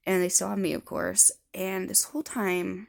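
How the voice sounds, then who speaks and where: A woman's voice: mid-range voice, flat delivery, normal speed, gravelly. A woman in her thirties telling her own story to camera in a blunt, rambling way with heavy swearing. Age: 30s. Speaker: vlogger.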